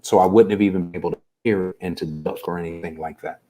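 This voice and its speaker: Guy with a lowish voice telling a story on a live stream, earnest, acts out the quotes. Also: steady tone, fast talker, mellow. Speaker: guest coach.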